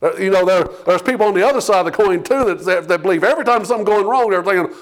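A man's voice: high-pitched, very animated, fast. A male pastor preaching a sermon in a conversational style, peppering his points with "okay?" and "Amen?" and building in intensity as he exhorts.

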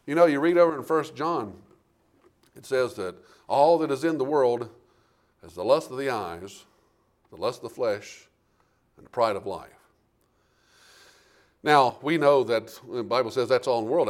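A man preaching a sermon, reading King James scripture and calling out to the congregation, with big swings between loud and quiet. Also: medium pitch, normal speed, pauses often. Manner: animated preaching with big swings in loudness, asking the congregation "Amen?".

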